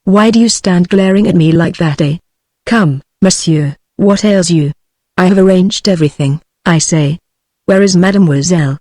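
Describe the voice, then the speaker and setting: A text-to-speech woman's voice with a British English accent reading the lines of a stout, irritable male French minister in an even, synthetic way. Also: lowish voice, normal speed, no echo, studio quality, lightly acted.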